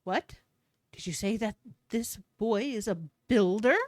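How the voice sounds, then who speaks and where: A woman's voice: mid-range voice, unhurried, no room sound, clean studio sound, pitched below the performer's own voice, lightly acted. A woman reading a fanatical cult priestess's game lines aloud in a pompous, theatrical voice. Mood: indignant.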